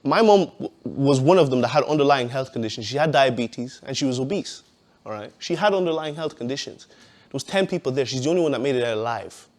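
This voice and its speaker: A man's voice: medium pitch, expressive, fast, a little mellow. A man giving a personal testimony in a casual, conversational way, with many "you know"s and frequent laughs.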